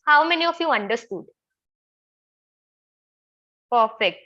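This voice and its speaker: A woman's voice: fairly high pitch, lively intonation, takes it slowly, bright, forceful tone, muffled recording. A woman with an Indian English accent teaching a public speaking class online, often asking the students questions and repeating her points. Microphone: video call.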